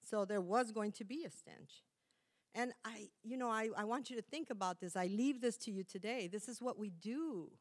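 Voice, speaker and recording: A woman's voice: fairly high pitch, moderate pace. Chatty middle-aged woman preaching. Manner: chatty, self-correcting, laughs at herself. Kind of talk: conversational sermon.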